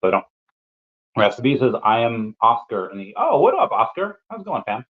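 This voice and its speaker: A man's voice: mid-range voice, sing-song, normal speed. A man hosting a casual livestream, reading viewer comments aloud and answering them with playful asides. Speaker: livestream host. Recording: dull lo-fi stream audio.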